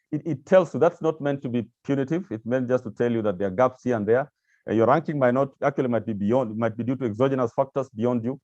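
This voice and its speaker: A man's voice: mid-range voice, mellow, no echo, dull audio. A man giving a presentation with slides to staff of agencies, speaking hesitantly with many repeated words and fillers. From Kenya.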